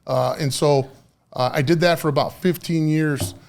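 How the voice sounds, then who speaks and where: A man's voice: a little high, fairly even intonation, moderate pace, creaky, a little hiss or hum. A middle-aged man, a podcast guest and union official, telling stories in casual chat, swearing freely and dropping Spanish phrases into his English, with many fillers and restarts.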